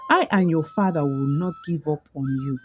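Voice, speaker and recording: A woman's voice: deep voice, normal speed, lo-fi sound, faint music behind, natural voice. A woman voicing a grieving, tender queen mother in a storybook tale, speaking in a tearful, comforting way.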